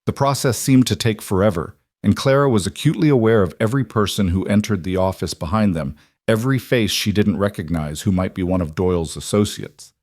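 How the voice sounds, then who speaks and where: Man narrating a western audiobook, low voice, dry close sound. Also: brisk, darkish tone, no echo.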